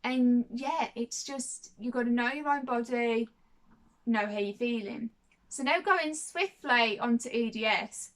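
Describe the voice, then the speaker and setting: A woman's voice: a little high, a little slow, a bit bright. Chatty young woman vlogging, rambling. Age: 20s. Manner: chatty and rambling, repeats herself, often says "you know what I mean". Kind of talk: casual talk to camera.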